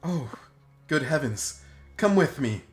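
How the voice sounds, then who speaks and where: A man's voice: a little high, animated, slow pace, faint music behind, voice pushed up. A man voicing a flustered, polite male church leader in his fifties who stammers and hesitates.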